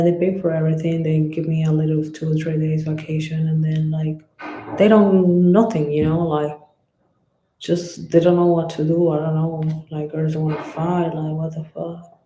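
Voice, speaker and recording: This is a casual live stream where a woman boxer, a native Spanish speaker with a Spanish accent, answers comments in loose chat full of swearing. Her voice is low-pitched and warm, and the rough, reverberant recording carries a little hiss or hum.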